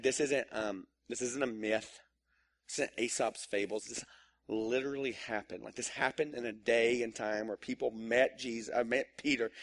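A male pastor preaching a sermon in a casual, joking storytelling manner, acting out little asides. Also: mid-range voice.

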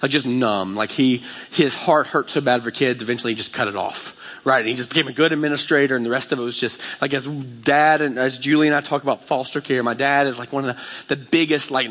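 A man's voice: medium pitch, fairly even intonation, fast talker, fairly bright tone. A man, preaching a passionate, conversational sermon full of fillers. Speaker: pastor.

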